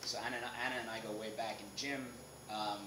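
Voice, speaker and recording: A man being interviewed as an actor on a film set, animated, laughing often and restarting sentences. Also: fairly low pitch, quick pace. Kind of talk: casual interview chat. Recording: echoey noisy room.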